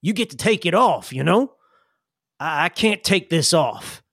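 A man's voice: on the high side, lively intonation, a little slow, fairly bright tone, breathy edge, no room sound, clean studio sound, full character voice. A man voicing a folksy young man in a power suit who talks in a casual drawl. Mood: earnest.

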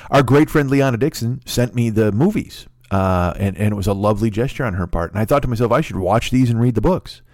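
A man's voice: fairly low pitch, fairly quick, few pauses, no echo, studio quality. A man in his forties ranting and telling stories on a comedy podcast, profane, sarcastic and rambling. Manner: animated storytelling. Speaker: podcast host.

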